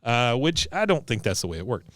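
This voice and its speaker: A man's voice: mid-range voice, sing-song, brisk, fairly bright tone, no echo, clean studio sound. A man hosting a podcast, casually recapping a cartoon episode in a rambling, laughing way. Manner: laughing, rambling, with many fillers. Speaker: podcast host.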